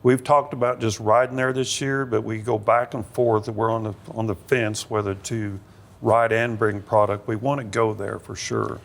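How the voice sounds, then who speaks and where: A man's voice: fairly low pitch, little pitch movement, normal speed, gravelly, a bit bright. A man talking as a podcast guest about his business, easygoing and agreeable. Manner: easygoing, agreeable, frequent "yeah". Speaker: guest, motorcycle parts business owner. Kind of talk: casual interview chat.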